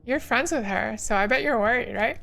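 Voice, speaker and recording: A woman's voice: on the high side, brisk, gravelly, a bit bright, soft background music. A woman voicing a sly, teasing student classmate who holds a secret.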